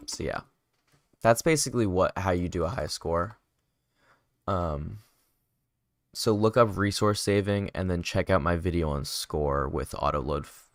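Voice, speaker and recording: A man's voice: low-pitched, creaky, no room sound, studio quality. A tired man livestreaming game development, casually chatting and answering viewer questions while he works. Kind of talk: casual livestream chat and coding explanation.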